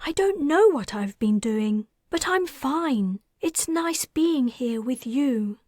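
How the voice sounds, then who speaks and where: Woman putting on a young girl, high and wistful; tender and pleading. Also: expressive, slow, a little mellow, dry recording, studio quality.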